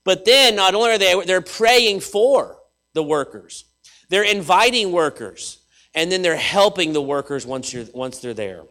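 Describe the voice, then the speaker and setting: Bright, forceful male preacher. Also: high-pitched, a little slow. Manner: animated, swings from loud to hushed, repeats phrases for emphasis. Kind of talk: sermon.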